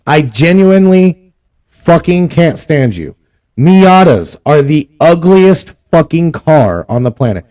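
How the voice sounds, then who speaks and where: A man's voice: on the high side, very animated, takes it slowly, dark tone. A young man, ranting and cussing in a casual vlog. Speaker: vlog host. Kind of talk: casual profane rant.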